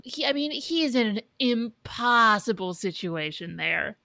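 A woman's voice: on the high side, expressive, a little slow, creaky, sharp tone, no echo. A woman co-hosting a podcast in casual chat, making blunt, dry asides. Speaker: podcast co-host.

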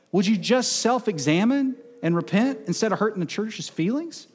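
A man preaching a sermon as pastor, emphatic, swinging between loud outbursts and soft, low passages. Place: church sanctuary. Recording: long reverb of a large hall.

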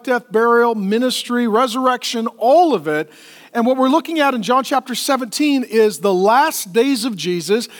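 A middle-aged man, a pastor, preaching a sermon in a conversational, animated way and joking with the congregation. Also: extremely high pitch. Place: church auditorium. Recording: long reverb of a large hall.

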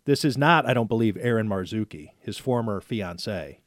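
A man's voice: on the low side, animated, normal speed, no echo, studio quality. A man hosting a casual sports talk show, running through player stats in a conversational way. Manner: stat-heavy, conversational.

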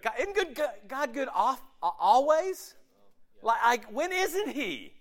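A man preaching a sermon in an animated, conversational way, acting out voices as he talks. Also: extremely high pitch, takes it slowly. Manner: animated, acts out quoted voices, swings loud and quiet.

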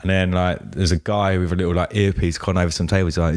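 A man's voice: low voice, steady tone, fast talker, no echo. A young man telling a story in casual chat, laid-back, swearing freely and saying "like" a lot.

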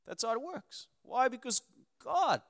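A man's voice: very high voice, expressive, measured pace, creaky. A man preaching a sermon to a live congregation, earnest, building emphasis through repeated lists.

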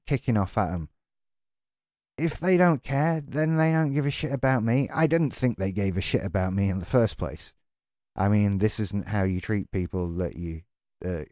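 A man's voice: medium pitch, mellow, no room sound, clean studio sound. A man delivering an exasperated, sarcastic, sweary rant as a tech vlogger. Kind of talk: ranting monologue to camera.

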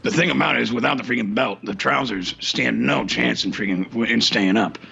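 A man's voice: medium pitch, brisk, pushed and bright, slight background noise. A man playing a bumbling, rambling radio co-host who stutters through restarts and says "freaking" in nearly every phrase. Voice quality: gravelly and raspy. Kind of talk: comedy radio-show sketch. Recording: dull lo-fi recording.

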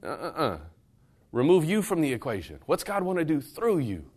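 A man preaching a sermon in a church, his voice sitting a little higher than most men's. He talks straight to the congregation, casual and direct, then drives points home in loud, emphatic bursts before dropping to low, close passages. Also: moderate pace, faint music behind. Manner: animated preaching that moves between loud bursts and low, intimate stretches; conversational, addresses the room directly. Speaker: pastor. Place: church service room with a live audience.

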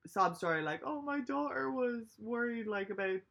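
A young woman, a podcast co-host telling a story in casual, animated chat and swearing freely. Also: on the high side, normal speed, creaky.

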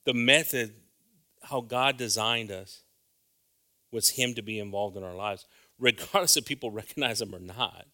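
A man preaching an informal sermon, talking conversationally and checking in with the congregation, then building to loud, fervent exhortation. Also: on the low side, moderate pace. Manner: conversational, often asks the congregation "right?".

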